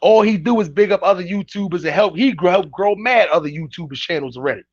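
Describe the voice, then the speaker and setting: A man talks fast and incredulously at his live chat, reacting to clips. His voice sits high for a man and sounds close and dry, with no room around it. The recording is a bit dull and lo-fi. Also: no echo. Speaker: commentary host reacting to clips. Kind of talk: casual reaction commentary.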